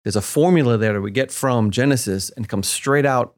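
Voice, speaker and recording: Male co-host, mid-pitched, emphatic and playful explainer of scripture. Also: fairly quick. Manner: lively, emphatic, playful asides. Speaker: co-host of a Bible teaching show. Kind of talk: conversational Bible discussion.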